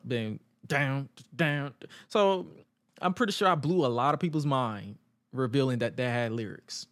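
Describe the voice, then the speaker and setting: Speaking a little slowly in a medium pitch, this podcast co-host recaps wrestling with jokes and animated storytelling, performing the funny quotes himself. There is no room sound in the recording.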